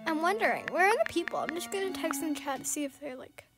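A young woman streaming a game comments on it casually, giggling often and getting spooked easily. Her high voice moves fast with big swings in pitch, and music plays underneath.

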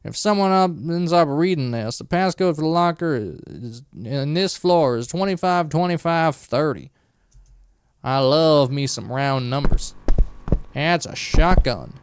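A man's voice: on the high side, expressive, measured pace, clear, resonant tone, low-quality recording. A man putting on a folksy country drawl. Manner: put-on country drawl, uneven. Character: folksy rough country man lost in a facility. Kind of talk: in-character gameplay commentary.

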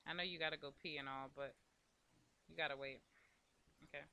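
A man's voice: a little high, steady tone, brisk, gravelly, sharp tone, clean tone. A man hosting a casual let's play, chatting to the game characters and to viewers as he plays. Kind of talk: casual gameplay commentary.

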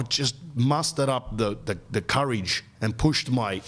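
A middle-aged man, a podcast host, telling a comic story in an animated, exasperated rant. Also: mid-range voice, normal speed, hardly any pauses.

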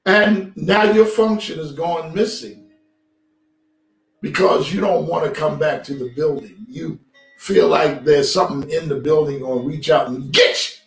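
In a streamed sermon, a man preaches as pastor in a fairly high voice with vocal fry, taking his time. He talks with the congregation conversationally and prompts their replies, captured from afar in a spacious sanctuary where music plays faintly.

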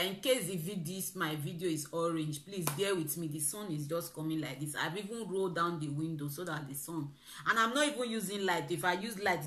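A young Nigerian woman vlogger recounting a story time in a car, animated and mixing pidgin with laughter. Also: mid-range voice, reverberant.

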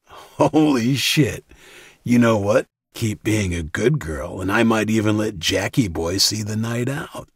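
A man voicing a cruel, brutish male captor in an audiobook, speaking in a slow, sneering, gloating way. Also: lowish voice, animated, slightly rough, dry recording, studio quality, exaggerated voice. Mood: leering.

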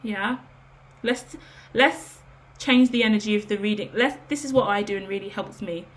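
Woman tarot reader, earnest and emotional, casual rambling delivery, mid-pitched. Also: moderate pace. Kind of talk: casual spoken tarot reading.

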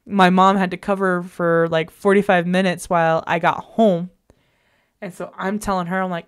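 A woman's voice: lowish voice, flat delivery, brisk, clear, resonant tone. A woman vlogger telling a personal story in an emphatic, exasperated way, recorded in a bedroom at home.

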